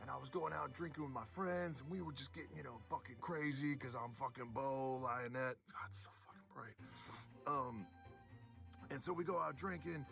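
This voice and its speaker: A man's voice: medium pitch, normal speed, vocal fry, fairly bright tone, soft background music. A man voicing a cocky, foul-mouthed young woman in an improvised retelling, boasting and repeating herself.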